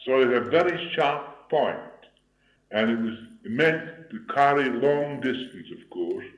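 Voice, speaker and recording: An older man preaching and telling a personal story in a solemn, measured way, with a troubled throat that he clears now and then. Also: medium pitch, expressive. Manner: solemn, measured, deliberate delivery. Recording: dull lo-fi recording in an echoey room.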